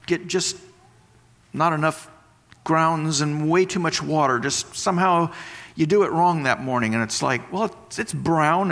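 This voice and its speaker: The pastor, a married man, has a fairly bright voice on the high side. His sermon teaches with everyday comparisons and emphatic repetition of key phrases, and a long hall reverb colors the recording.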